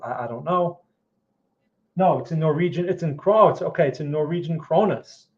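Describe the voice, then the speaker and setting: A man talking through stock charts in a loose, conversational way, pitched a little higher than most men. He keeps checking in with his listeners as he goes. The sound is dull and lo-fi. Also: normal speed. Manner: conversational, frequent "right?" and "okay?" check-ins. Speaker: trading educator answering viewer questions. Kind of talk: casual livestream market commentary.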